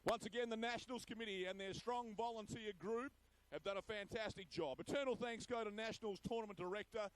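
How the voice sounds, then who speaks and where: Male emcee, high-pitched, joking and rowdy at an awards speech. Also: brisk, rough recording. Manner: jokey, boisterous, hushing the crowd. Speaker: master of ceremonies.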